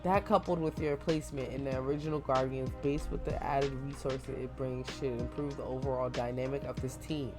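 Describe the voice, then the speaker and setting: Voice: medium pitch, fairly even intonation, a little fast, hardly any pauses, over music, natural voice. A reader doing a dry, commanding director. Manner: dry, authoritative.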